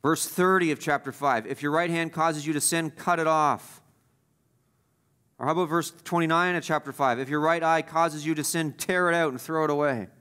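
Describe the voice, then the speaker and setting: Emphatic preacher, man with a high voice. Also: normal speed, clear, resonant tone. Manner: emphatic, repeats key phrases for stress; swings between loud stresses and quiet asides. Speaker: pastor. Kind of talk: sermon.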